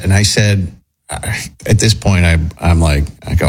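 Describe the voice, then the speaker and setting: A man's voice: lowish voice, steady tone, moderate pace, low-quality recording. A man hosting a radio chat show, telling a long story in a rambling way with lots of fillers and restarts.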